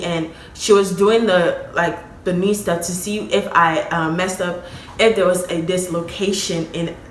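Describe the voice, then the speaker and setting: Young woman vlogger, bright tone, echoey room, faint hum behind, casual emotional storytelling. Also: on the low side. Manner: chatty, addresses viewers as y'all, emotional.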